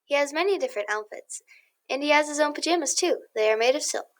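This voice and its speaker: Woman voicing a young girl, prim, soft, earnest, high, very lively pitch. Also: fast. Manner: soft and earnest, quiet delivery. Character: prim, proper young girl, protective of her toy.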